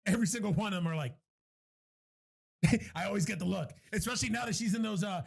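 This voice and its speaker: A man's voice: high voice, quick pace, creaky, slightly rough. A man co-hosting a casual podcast chat, talking with lots of swearing and frequent laughter. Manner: animated, profane, laughing often. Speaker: podcast co-host.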